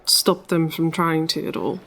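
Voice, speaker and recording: Slow-talking woman player. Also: deep voice, level tone, a bit bright. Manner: tentative, with fillers. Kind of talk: describing character actions.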